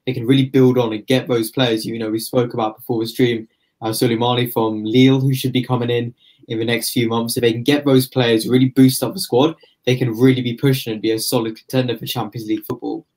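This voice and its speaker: A man's voice: mid-range voice, level tone, quick pace, darkish tone. Male football pundit, casual podcast, confident analytical delivery. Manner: confident analytical, building points at length.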